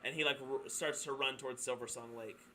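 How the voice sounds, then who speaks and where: A man's voice: mid-range voice, steady tone, brisk, sharp tone, slight background noise. A man narrating as dungeon master, loose and hesitant, with many fillers. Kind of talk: narrating a tabletop game.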